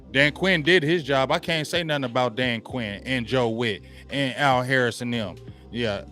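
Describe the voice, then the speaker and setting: A man talks sports in a blunt, slangy monologue, hammering the same points over and over. His voice sits at an ordinary middle pitch. Faint music plays behind him. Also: a bit bright. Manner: blunt, slangy, repeats himself for emphasis. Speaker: sports talk show host. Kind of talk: opinionated sports talk monologue.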